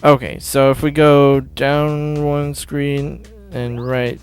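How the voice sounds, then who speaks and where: Over faint game music, a man offers casual, offhand commentary on a video game demo, often correcting himself mid-sentence. His fairly high voice moves slowly and has little pitch variation.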